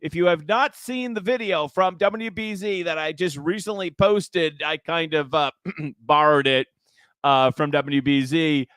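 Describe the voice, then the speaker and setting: Man, talk show host, high voice, rambling chatty delivery, dry close sound. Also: measured pace, fairly bright tone, clean tone, dry recording. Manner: chatty, rambling, with frequent restarts and asides. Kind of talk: casual political talk show.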